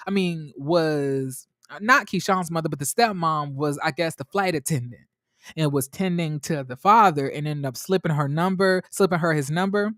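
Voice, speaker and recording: A man reviewing a TV episode for his viewers in a chatty, animated way, talking straight to them and often restarting his sentences. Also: a little high, normal speed, no room sound, studio quality. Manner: restarts and trails off a lot. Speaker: TV show reviewer. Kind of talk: casual episode recap to viewers.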